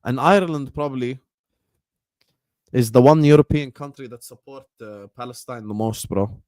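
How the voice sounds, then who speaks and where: At a normal speed and in a darkish, mid-range voice, this young livestream host rambles casually with slang and brief Arabic phrases. The sound is clean studio quality with no room sound.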